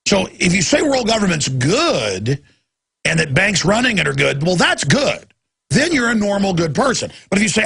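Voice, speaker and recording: A male talk radio host with a heavily gravelly, raspy voice that sits a touch high for a man. He rants through a monologue with a forceful, bright edge. He slips into the voices of the people he quotes. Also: big pitch swings, moderate pace. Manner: ranting, acts out quoted voices.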